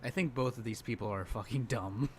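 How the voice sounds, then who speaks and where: A man's voice: medium pitch, fairly quick, a little mellow, slight background noise. A man co-hosting a reaction stream, sarcastic and crude, laughing often. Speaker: co-host. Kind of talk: casual reaction commentary.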